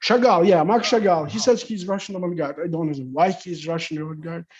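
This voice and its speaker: A slightly high-voiced man speaking as a discussion guest, searching for words in halting non-native English and leaning on "you know". The sound is muffled and lo-fi. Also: steady tone, a little mellow. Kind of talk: panel discussion. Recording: muffled lo-fi audio.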